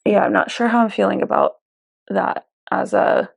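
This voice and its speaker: A woman's voice: mid-range voice, fairly even intonation, normal speed, vocal fry, slightly rough, dry recording. A young woman vlogger chatting casually and confidingly while doing her makeup, full of "like" and "you know". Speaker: beauty vlogger. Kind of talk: casual get-ready-with-me chat.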